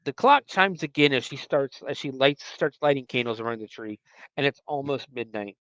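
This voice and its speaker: Animated man recapping a movie. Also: mid-range voice, normal speed, dry recording, muffled recording. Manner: rambling, animated, frequent fillers and self-corrections; acts out the characters' lines. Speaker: podcast host.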